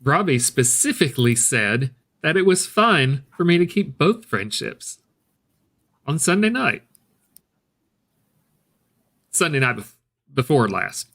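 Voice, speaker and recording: A man speaking slowly and insistently as a guest on a casual livestream, repeating himself for emphasis. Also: fairly high pitch, sing-song, fairly bright tone.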